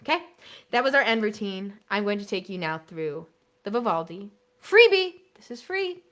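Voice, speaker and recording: This is an upbeat woman leading a live teacher workshop, with a bright, forceful voice. She talks in a lively, chatty way and breaks into short demonstration songs. The pitch sits at a mid level for a woman. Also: normal speed. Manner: energetic, chatty, sings demo songs. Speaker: elementary music teacher.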